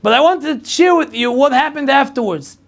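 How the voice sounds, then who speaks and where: A middle-aged rabbi tells a long personal story to an audience, lively and full of repetition. His voice sits high for a man and has a gravelly, creaky edge. He acts out everyone's lines as he goes. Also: moderate pace. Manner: animated storyteller acting out dialogue, repetitive. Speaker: rabbi lecturer.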